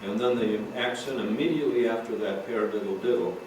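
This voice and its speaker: A man's voice: fairly low pitch, fast, a little mellow. Guy teaching drum rudiments, calling out rights and lefts, sounds far off in a super echoey room. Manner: calls out stickings while playing. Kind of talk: recorded drum lesson, talking between demonstrations. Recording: roomy echo, far from mic, noisy.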